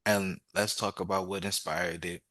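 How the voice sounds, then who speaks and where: A man's voice: deep voice, flat delivery, moderate pace, sharp tone, dry recording, studio quality. A man hosting a casual interview, upbeat and jokey, laughing along with his guest. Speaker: podcast host.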